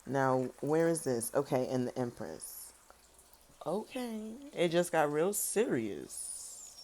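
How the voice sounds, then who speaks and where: A woman giving a casual tarot reading, talking straight to her viewers in a sassy, animated way. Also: low-pitched, takes it slowly. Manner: animated, swings between loud emphasis and soft serious tones. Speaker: tarot reader.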